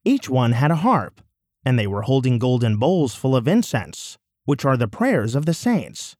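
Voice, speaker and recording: Man reading scripture with lively intonation. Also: medium pitch, dry recording, studio quality. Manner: measured, solemn, declamatory phrasing. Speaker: scripture reader.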